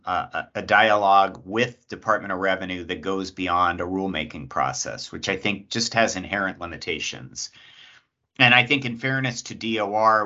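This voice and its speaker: A man, speaking as a state lobbyist at an agency hearing, polite and measured with many pauses. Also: sits low, bright, forceful tone, lo-fi sound. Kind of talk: public comment at agency hearing.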